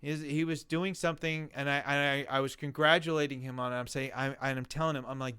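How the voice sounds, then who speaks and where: A man telling his own story in a casual interview, animated and acting out the voices of people he quotes. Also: medium pitch, quick pace, hardly any pauses, clean tone. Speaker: guest telling his weight-loss story.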